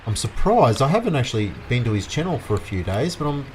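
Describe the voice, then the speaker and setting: A man's voice: mid-range voice, big pitch swings, fast, darkish tone, a little hiss or hum. An Australian man giving casual, rambling commentary while livestreaming a farming game and chatting with his viewers. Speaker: livestream gamer. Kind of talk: casual live gameplay commentary.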